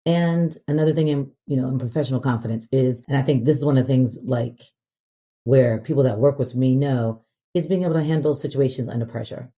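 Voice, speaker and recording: A woman from the American South, a podcast guest, talking casually and confidently, clear speech with frequent fillers. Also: a bass voice, brisk, warm tone. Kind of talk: casual interview talk.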